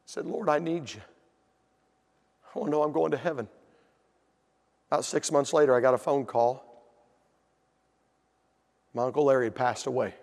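A man preaching a sermon, telling a family story and building to shouted emphasis. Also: medium pitch, moderate pace, gravelly, long pauses, big-room sound. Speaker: pastor. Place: church hall.

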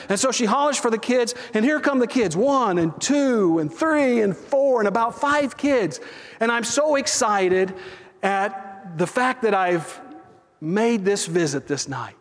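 Man, pastor, high voice, storytelling sermon, chatty asides to the congregation, long church reverb. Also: expressive, unhurried. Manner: conversational, with audience asides. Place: church sanctuary.

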